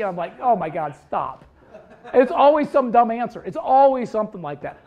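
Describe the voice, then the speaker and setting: A man, a high school football head coach, giving a casual clinic presentation in a blunt, joking way with some swearing. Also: very animated, normal speed, darkish tone, dull audio. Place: presentation room with a live audience.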